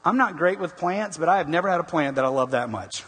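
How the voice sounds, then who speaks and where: Middle-aged pastor guy preaching, kinda husky, big echoey church hall. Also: on the high side, fast. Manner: animated storytelling with rhetorical questions to the congregation. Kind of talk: sermon. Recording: long echoing reverb in a large hall.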